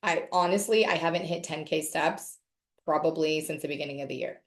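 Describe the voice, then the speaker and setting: Chatty woman on a zoom call, lowish voice, kinda roomy sound, talks real candid and swears a bit. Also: a little fast, slight background noise. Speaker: wellness session leader. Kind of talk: casual group talk on a video call. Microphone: video call.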